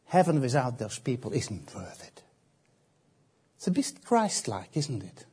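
A man preaching a sermon, slow and emphatic, often repeating phrases and pausing. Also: mid-range voice, big pitch swings, mellow, breathy edge.

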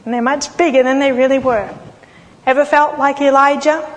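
High-voiced woman preaching in a reverberant hall. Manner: expressive storytelling with dramatic pauses. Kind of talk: sermon. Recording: long reverb of a large hall.

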